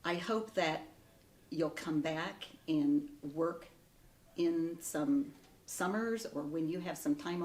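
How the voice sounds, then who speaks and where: A woman giving gentle, encouraging advice to young graduates in a storytelling manner. Her voice sits a little low and reaches the mic from some distance in an echoey room. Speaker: ceremony speaker. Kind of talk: heartfelt advice speech.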